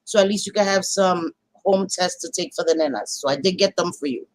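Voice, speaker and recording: A woman's voice: fairly low pitch, a little fast, dry recording, rough recording. A woman hosting a casual livestream, chatting loosely, swearing and greeting viewers by name. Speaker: livestream host.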